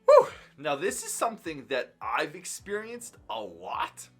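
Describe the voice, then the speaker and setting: A man's voice: high-pitched, wildly swooping pitch, unhurried, creaky, slightly rough, faint music behind. A young man and father talking earnestly and emphatically to camera, reflecting on his own parenting.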